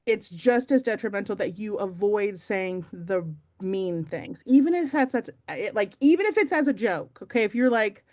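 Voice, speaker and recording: A woman's voice: medium pitch, lively intonation, normal speed, few pauses, darkish tone. A young adult woman giving a casual, chatty motivational talk to her team, self-deprecating and full of fillers. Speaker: team meeting speaker.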